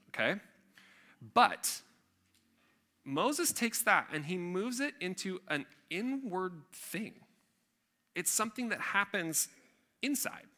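A man's voice: on the high side, pushed and bright. A man preaching a sermon in a conversational, emphatic way, with chatty asides to the congregation. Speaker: pastor.

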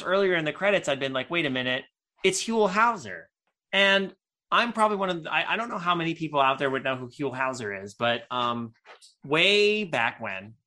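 An enthusiastic man chatting casually about a film, his voice bright and forward. He rambles a little and restarts sentences as he gets excited. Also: mid-range voice. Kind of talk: casual chat.

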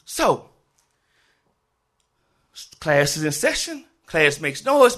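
A man who is a teacher, telling a personal story live on stage, animated, laughing often and shouting to the crowd. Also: on the high side, slow, long pauses. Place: live event venue in Memphis.

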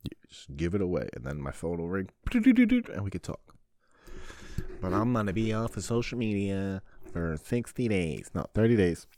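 A man's voice: deep voice, very animated, normal speed, a little mellow, no echo, studio quality. A man hosting his own podcast, talking in a profane, rambling, sarcastic solo monologue. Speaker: podcast host.

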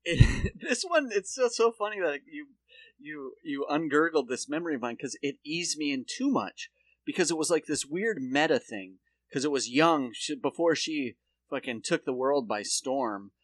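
A man co-hosting a comedy podcast, his voice a touch higher than most and swinging widely as he acts out a story. He swears freely and breaks into laughter often. The sound is close and dry. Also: animated, moderate pace, no echo. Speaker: podcast co-host. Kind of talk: casual comedic chat.

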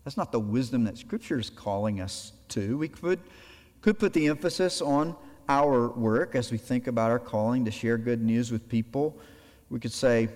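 A man preaching a sermon with lively delivery, acting out little imagined exchanges as he goes. His mid-range voice rings out with a long hall reverb behind it. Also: medium pitch, normal speed. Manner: animated preaching, acts out imagined dialogue. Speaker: pastor.

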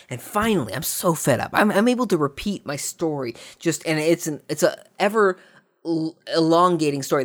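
A man hosting a podcast, telling a long story in a casual way, repeating words and swinging between hushed and excited tones. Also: a little high. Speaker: podcast host. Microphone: desk microphone.

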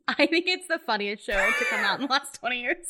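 A young adult woman co-hosting a podcast, chatting casually with playful, deadpan teasing. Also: fairly high pitch, fairly quick, a little hiss or hum. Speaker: podcast co-host. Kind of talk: casual chat.

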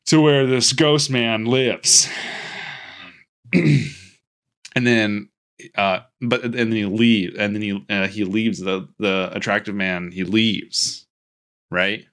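A man's voice: on the low side, fairly bright tone. A man casually recapping a movie plot on a podcast, rambling with restarts and laughing at his own jokes. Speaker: podcast host.

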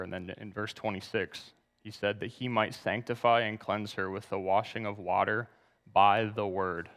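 A man's voice: lowish voice, fairly even intonation, a little slow, fairly bright tone, in a large hall. A man preaching a sermon, reading scripture aloud and asking the congregation to turn to verses. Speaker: pastor.

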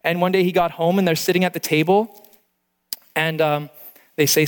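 A man's voice: a little high, steady tone, normal speed, clear, resonant tone. Earnest male pastor in a reverberant hall. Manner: earnest, emotional at times, with frequent restarts. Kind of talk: sermon.

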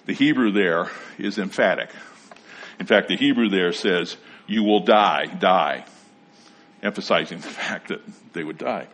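Husky-voiced man preaching a sermon. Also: deep voice, fairly bright tone. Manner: measured Bible teaching with read scripture. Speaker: pastor.

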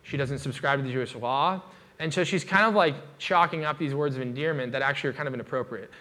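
A man's voice: mid-range voice, fast talker, pushed and bright. A man preaching a sermon in a loose, casual way, with many fillers and restarts.

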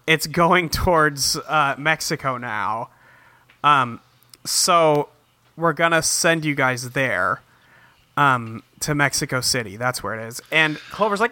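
A man co-hosting a casual podcast chat, recapping a cartoon and acting out the characters' lines in quick put-on voices, swearing freely. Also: on the high side, expressive, pushed and bright. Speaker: podcast co-host.

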